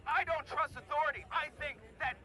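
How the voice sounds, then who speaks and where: A man, a professional comedian, trolling a street protest in a deadpan, mock-earnest tone. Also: very high voice, fairly quick. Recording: crowd noise outdoors. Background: protest crowd.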